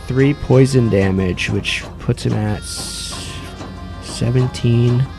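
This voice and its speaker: A man's voice: mid-range voice, takes it slowly, gravelly, over music. A man narrating a tabletop game as game master, laid-back and describing combat results.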